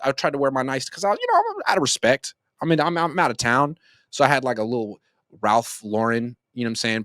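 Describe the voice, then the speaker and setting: A man's voice: medium pitch, a bit bright, no room sound, studio quality. A man in his thirties giving casual sports commentary as a rambling, joking storyteller. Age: 30s.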